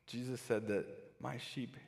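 A man's voice: mid-range voice, fairly even intonation, measured pace, creaky, a little mellow. Man preaching in an echoey church. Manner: conversational, with frequent restarts. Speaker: pastor. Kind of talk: sermon.

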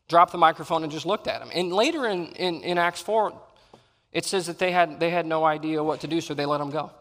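A man preaching a sermon, acting out Bible scenes and swinging between loud and soft. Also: on the high side, a little fast. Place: church sanctuary. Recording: long reverb in a large hall.

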